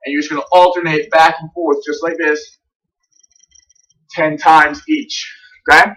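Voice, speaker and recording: Fitness trainer, male, slightly high and bright voice, a bit winded, recorded from a distance. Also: little pitch movement. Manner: instructive, repeatedly checks in with a quick "okay?". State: breathing a little heavy. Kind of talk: demonstrating a workout warm-up.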